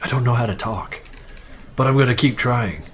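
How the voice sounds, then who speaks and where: A young streamer chats loosely while animating on a livestream, rambling, cursing freely and mocking himself. His medium-pitched voice is expressive and fairly bright at a normal pace, with a little hiss or hum in the background.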